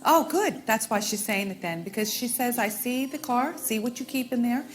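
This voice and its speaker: A woman's voice: fairly high pitch, lively intonation, moderate pace, soft background music. A woman working as a stage medium, addressing audience members one by one and calling them sweetheart and honey. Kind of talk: live audience reading.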